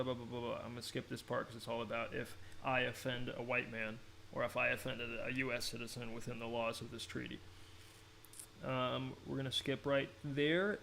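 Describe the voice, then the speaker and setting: A man's voice: mid-range voice, vocal fry, a bit bright, slight background noise, poor audio. An American man giving a rambling, combative commentary, reading an old treaty aloud and laughing often. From United States. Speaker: online commentator.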